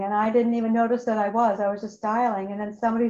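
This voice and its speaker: A woman's voice: on the high side, little pitch movement, fairly quick, few pauses, mellow. Candid woman telling her story, echoey. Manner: candid, emotional, repeats phrases for emphasis. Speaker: speaker sharing her recovery story. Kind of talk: personal testimony talk. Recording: echoey, dull lo-fi room recording.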